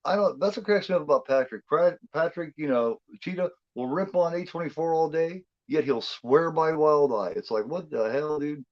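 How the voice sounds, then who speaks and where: A man chatting casually during a movie watchalong, rambling and halting with lots of fillers and restarts. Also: on the high side, muffled recording. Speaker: guest co-host.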